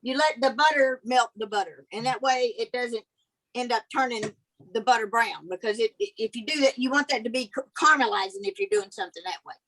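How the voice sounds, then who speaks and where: A woman's voice: a little high, fairly quick, fairly bright tone, low-quality recording. A woman cooking while she chats on a video call, thinking aloud as she goes.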